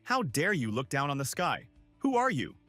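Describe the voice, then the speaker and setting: A man's voice: lowish voice, big pitch swings, quick pace, fairly bright tone, dry recording, soft background music. Man voicing an arrogant heavenly caster. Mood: outraged. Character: angry arrogant male heavenly caster, proud.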